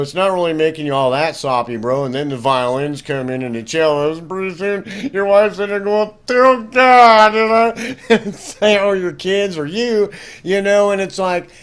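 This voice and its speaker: A middle-aged man giving a casual guitar lesson, rambling and conversational, peppering his talk with "you know" and "bro". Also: on the high side. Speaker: guitar teacher.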